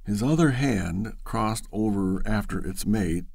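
Slow gravelly male storyteller. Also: on the low side, animated, darkish tone, dry recording. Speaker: narrator. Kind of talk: audiobook narration of a classic story.

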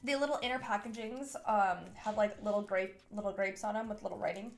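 A woman's voice: mid-range voice, steady tone, brisk, slight background noise. A young woman co-hosting a casual snack-tasting vlog, playful and joking. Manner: playful, joking, sensory comments. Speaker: vlog co-host.

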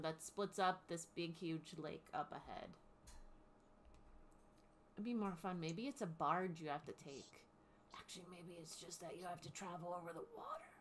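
Brief: woman game master, bright forceful voice, chatty and halting, casual tabletop narration. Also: on the low side, slight background noise. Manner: chatty, hesitant, full of ums and restarts.

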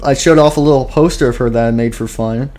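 A man's voice: medium pitch, quick pace, a little mellow. A man giving casual gameplay commentary at his computer, rambling with many fillers and sounding tired and out of breath. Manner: rambling, filler-heavy, self-deprecating. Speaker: gaming YouTuber.

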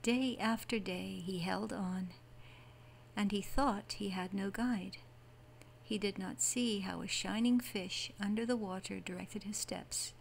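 A woman narrating a fairy tale audiobook as a bedtime story, with soft, even delivery. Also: mid-range voice, measured pace, creaky, a little hiss or hum, poor audio.

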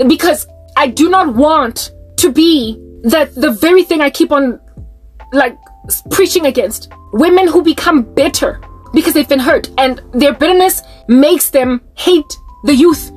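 A woman's voice: high-pitched, normal speed, soft background music. A South African woman giving an emotional faith monologue, pleading and passionate, often restarting mid-sentence. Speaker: Christian vlogger.

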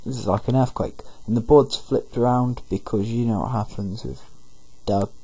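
Male let's-player, slightly husky and dry-close, rambling casual commentary. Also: medium pitch, fairly even intonation, mellow, no echo, poor audio. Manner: rambling, paraphrases characters in quick throwaway voices. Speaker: gameplay commentator.

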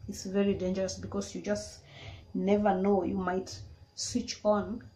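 Slow-talking woman explaining a drill. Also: mid-range voice, level tone, dark tone. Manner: plain, step-by-step explaining. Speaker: DIY vlogger. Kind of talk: casual tool demonstration. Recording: echoey room with clear noise.

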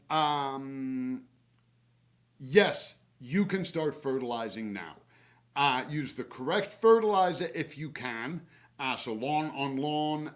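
A horticulturist man talks through spring garden care in a relaxed, easygoing webinar. His voice sits at an ordinary middle pitch. He rambles a little, with plenty of "uh" and "um," and jokes at his own slips. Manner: chatty and relaxed, many fillers, laughs at himself; gives practical tips from his own yard. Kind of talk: casual instructional webinar.

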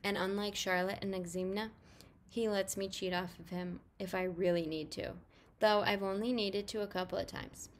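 A woman's voice: medium pitch, fairly even intonation, moderate pace, a little hiss or hum. A woman reading first-person audiobook narration in a casual, chatty, youthful tone. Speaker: audiobook reader.

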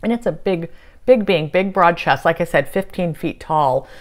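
A woman casually recounting a spiritual session from home, meandering and soft-spoken with many fillers. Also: on the low side, lively intonation, moderate pace. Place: at home on a couch.

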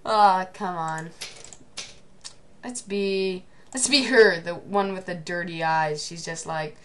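A teenage girl giving excitable gameplay commentary, often shouting at the game. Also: on the low side, slow.

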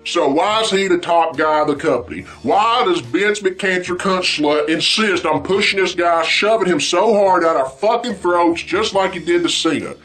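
Hardly pausing, this vlog host rants to his viewers about wrestling at a moderate pace, his high, slightly bright voice full of lively intonation. He is blunt and repetitive, and he swears heavily in this angry talk to camera.

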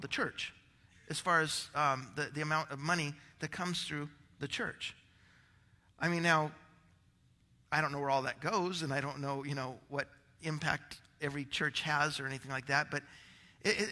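A man's voice: a little high, pushed and bright, big-room sound. A male pastor preaching a rambling, conversational sermon, out of breath, with many restarts.

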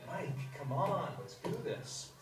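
An actor playing a pushy customer, wheedling for a lower price. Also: male voice, takes it slowly, distant mic. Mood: pleading. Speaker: customer haggling over a price. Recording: video played in echoey hall, noisy.

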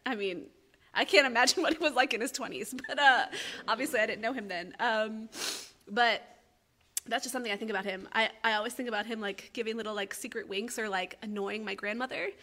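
A woman's voice: a little high, a little fast, bright, forceful tone. A woman speaking as a granddaughter at a memorial service, sharing fond memories of her grandfather in a light-hearted way and laughing often. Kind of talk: memorial tribute speech.

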